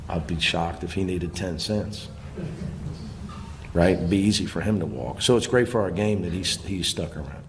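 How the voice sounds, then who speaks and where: A man, a basketball coach, speaking at a press conference in a rambling, halting way. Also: deep voice, in a large hall, slight background noise.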